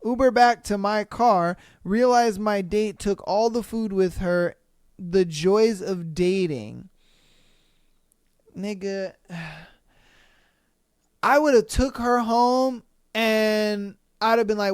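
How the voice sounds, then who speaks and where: Man, podcast host, smooth clear voice, dry sound, profane, exasperated, reads stories. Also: high voice, slow, dry recording. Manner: blunt, profane, exasperated commentary. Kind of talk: reading and reacting to listener stories.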